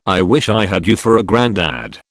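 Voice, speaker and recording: A man reading online stories aloud as a scripted narration, in an expressive storytelling manner. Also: low-pitched, normal speed, background noise.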